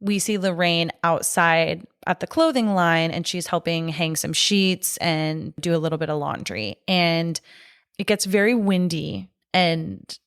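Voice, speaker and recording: A woman's voice: lowish voice, unhurried, fairly bright tone, smooth, dry recording, clean studio sound. A woman co-hosting a podcast, retelling a horror film scene by scene in a chatty, casual way with lots of "like". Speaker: podcast co-host.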